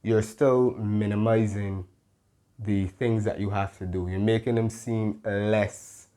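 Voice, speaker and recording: A Spanish tutor patiently walks through grammar rules, checking in with "okay?" and correcting himself mid-sentence as he goes. His voice is on the low side, steady and warm, with frequent pauses.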